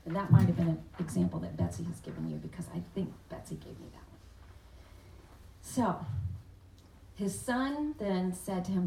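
A woman giving sermon-style Bible teaching, animated and questioning her listeners, acting out the words of the father in the story. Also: on the low side, moderate pace, gravelly, a little hiss or hum. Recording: echoey room, voice from a distance.

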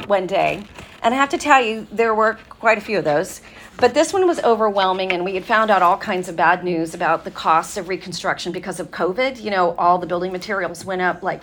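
A woman speaking to a women's gathering in an earnest, conversational sermon style, telling stories with fillers and pauses. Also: medium pitch, creaky, fairly bright tone.

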